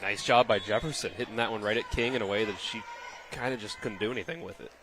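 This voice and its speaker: A man giving relaxed, thoughtful color commentary on a volleyball match. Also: on the low side, fast talker, background noise. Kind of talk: sports analysis.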